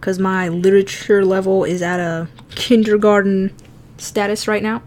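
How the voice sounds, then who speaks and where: A woman's voice: mid-range voice, little pitch movement, moderate pace, darkish tone. A woman streaming herself drawing, chatting casually, laughing often and swearing freely as she teases herself. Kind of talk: casual chat while drawing.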